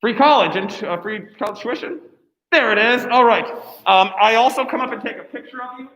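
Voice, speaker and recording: High-pitched guy running a class, upbeat, lots of ums, roomy echo. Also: a little fast, fairly bright tone. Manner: chatty, encouraging, filler-heavy. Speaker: teacher. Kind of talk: classroom instructions.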